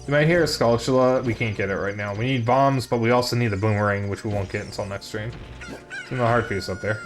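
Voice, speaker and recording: A man's voice: lowish voice, brisk, soft background music. A man streaming a video game, chatting casually and jokingly to his viewers as he plays. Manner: rambling, jokey, talks to chat. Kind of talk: casual live-stream commentary.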